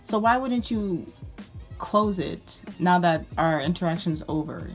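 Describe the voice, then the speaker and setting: A woman's voice: on the low side, lively intonation, measured pace, faint music behind. A woman vlogger ranting about her pet peeves in a sarcastic, exasperated way. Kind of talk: ranting casual monologue.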